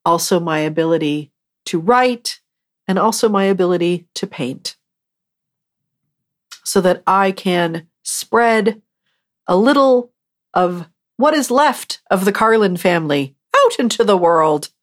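A woman's voice: on the low side, animated, slow pace. A woman hosting her podcast, talking on her own in a rambling, chatty and self-mocking way. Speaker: podcast host. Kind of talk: casual solo podcast monologue.

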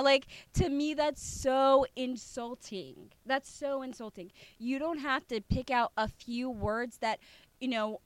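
A woman co-hosting a casual political chat, animated, laughing often and mimicking others mid-sentence. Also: fairly high pitch, no room sound. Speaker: podcast co-host.

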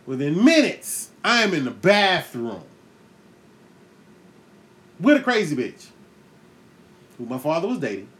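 Give me a profane man hosting a podcast, telling a comic story with lots of laughs, pitch bouncing all over. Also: measured pace, long pauses. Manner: profane, animated, laughs often, acts out voices. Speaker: podcast host. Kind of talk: comedic storytelling monologue.

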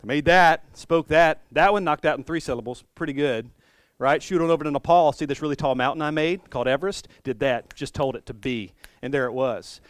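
A man's voice: mid-range voice, fast talker, no room sound, clean studio sound, close to an everyday voice. A preacher voicing a proud, playful male carpenter who shows off everything he made, in a teasing, boastful manner. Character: proud, playful male carpenter-creator showing his work.

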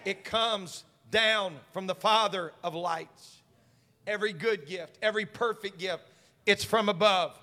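High, bright-voiced preacher in a big church. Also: male voice, unhurried. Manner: swings from quiet talk to shouted preaching; call-and-response with congregation. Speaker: senior pastor. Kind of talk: sermon. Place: church sanctuary. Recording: long reverb of a church hall.

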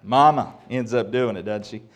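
A man's voice: mid-range voice, moderate pace. A man preaching a sermon in a church, folksy and joking with the congregation. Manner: folksy, joking, animated delivery. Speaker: pastor. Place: church sanctuary.

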